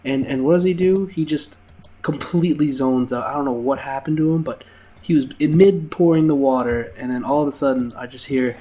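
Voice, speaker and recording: A man's voice: mid-range voice, brisk, warm tone. A young man hosting a gameplay video, casually telling funny stories from his waiter days, with lots of fillers and laughs. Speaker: gaming channel host telling work stories. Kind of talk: casual storytelling over gameplay.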